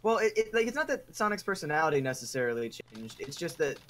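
A man's voice: fairly high pitch, very animated, fast talker, fairly bright tone. A young man chatting casually while racing through a video game, often trailing off and restarting his sentences. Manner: hesitant, many fillers and restarts. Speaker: gamer playing a speedrun race. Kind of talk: casual gaming chat. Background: game music.

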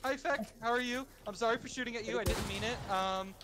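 A woman's voice: on the high side, quick pace, very noisy. A woman playing a game with friends, teasing and calling out plays in casual chat. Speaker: gamer friend.

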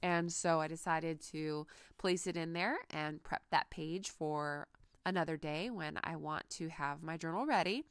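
A woman's voice: lowish voice, smooth. A woman talking casually in a crafting vlog, chatty and gushing with lots of fillers, working at a craft table at home. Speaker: crafting vlogger.

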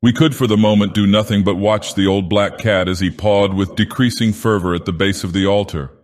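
A man narrating an audiobook in character as an ancient, menacing male god-king villain from a fantasy game, speaking slowly and gravely. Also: lowish voice, steady tone, natural voice. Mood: ominous. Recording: long echoing reverb.

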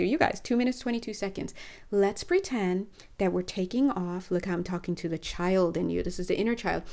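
A young woman giving a casual, chatty tarot reading to camera, animated and playful, often restarting her sentences. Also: mid-range voice, normal speed. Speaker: tarot card reader.

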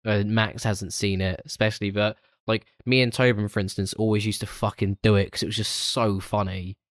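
A man's voice: on the low side, level tone, a little fast, no echo, clean studio sound. A man, co-hosting a casual film review podcast, swearing freely and laughing often. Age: 20s. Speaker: podcast co-host.

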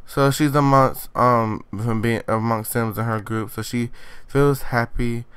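A teenage guy hosting his own gaming channel, talking through a life-sim session in a sassy, chatty way. His voice sits at an ordinary mid pitch, and he tosses out playful exclamations between his running commentary. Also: steady tone, unhurried, a bit bright, clear, resonant tone, dry recording. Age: late teens. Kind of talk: let's play commentary.

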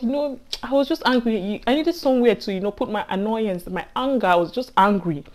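A young woman with a Nigerian accent telling a personal work story to camera in a casual, animated way, laughing often and acting out what others said. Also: medium pitch, fast talker, few pauses. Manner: animated, laughs often, acts out quoted speech. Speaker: healthcare assistant vlogger.

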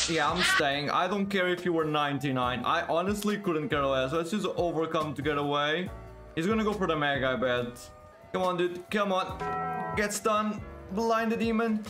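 Excitable man with a higher voice. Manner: exclamatory, repeats words in quick bursts. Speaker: gaming video creator. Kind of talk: excited live gameplay commentary.

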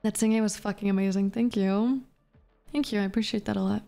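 A woman's voice: medium pitch, fairly even intonation, fairly quick, vocal fry, mellow, soft background music. A woman streamer chatting casually with her live chat while gaming, profane, playful and flirty. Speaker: VTuber streamer.

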